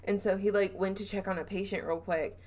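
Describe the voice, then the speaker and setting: This podcast host, a woman from the Southern US, tells a spooky story fairly quickly in a steady, darkish mid-range voice. Her casual storytelling is sprinkled with laughs and fillers.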